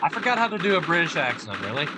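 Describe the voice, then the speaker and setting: A man's voice: a little high, big pitch swings, racing, noisy background. A man giving joking, casual commentary while playing a story game. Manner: joking, playful, swears casually. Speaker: let's play host.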